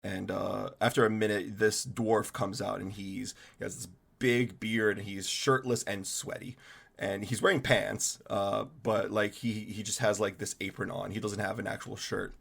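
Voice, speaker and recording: Gravelly-voiced man narrating as game master. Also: fairly low pitch, little pitch movement, moderate pace, fairly bright tone. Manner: meandering, many fillers.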